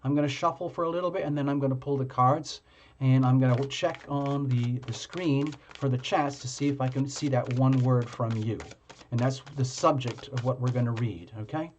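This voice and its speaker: A man hosting a live tarot reading stream, chatting casually with viewers in a halting way, full of fillers and restarts. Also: mid-range voice, steady tone, darkish tone, muffled recording, slight background noise.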